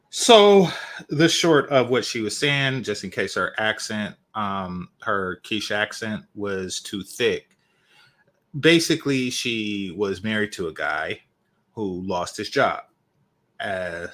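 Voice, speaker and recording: Man, reaction host, lecturing commentary, lowish voice, bright tone. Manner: opinionated, lecturing, emphatic repetitions. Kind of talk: commentary on a video.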